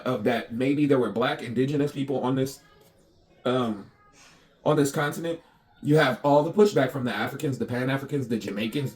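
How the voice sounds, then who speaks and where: A young American man in a casual, heated, profane monologue, speaking in quick bursts. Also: mid-range voice, darkish tone. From United States. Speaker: vlogger.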